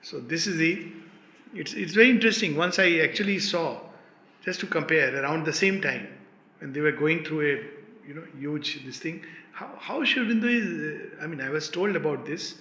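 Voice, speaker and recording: A man explaining a poem with animated emphasis, leaping higher on key words. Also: moderate pace. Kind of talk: spoken commentary on a poem. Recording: echoey room.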